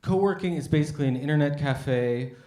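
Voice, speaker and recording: A man's voice: fairly high pitch, brisk, warm tone, reverberant. An American man performing stand-up comedy, telling stories in a conversational way and acting out the voices of people in them. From United States. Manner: conversational storytelling with acted-out voices. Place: café stage with a live audience. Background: audience laughter.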